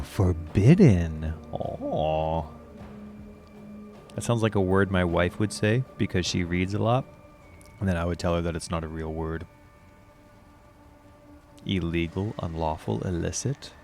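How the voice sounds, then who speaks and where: Low gravelly man streaming a game. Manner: chatty, curious, thinks out loud with giggling outbursts. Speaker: gaming streamer. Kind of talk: casual gameplay commentary.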